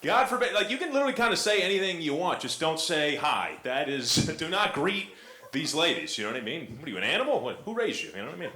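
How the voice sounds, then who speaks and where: A man's voice: a little high, very animated, fast, sharp tone. A young man doing a stand-up comedy set, rambling and self-mocking with lots of fillers. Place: comedy club stage with audience. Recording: echoey club, audience noise.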